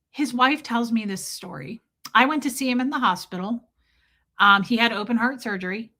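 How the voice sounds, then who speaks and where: Speaking through a streaming setup mic, a woman hosts a casual livestream, telling a story bluntly and profanely while reading out viewers' names mid-story to greet them. Her voice is fairly high, bright and forceful, at a normal speed.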